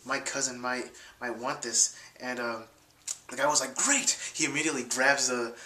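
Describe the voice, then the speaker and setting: A man's voice: medium pitch, steady tone, normal speed, bright, forceful tone, echoey room. A young man telling a story casually to his viewers, full of fillers and restarts, acting out quotes in a raised voice. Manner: rambling, many fillers and restarts. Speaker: vlogger.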